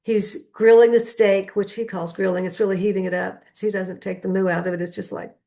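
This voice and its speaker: A woman's voice: medium pitch, level tone, a little fast, mellow. An older woman comedian telling a rambling, wry story full of asides. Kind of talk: stand-up storytelling.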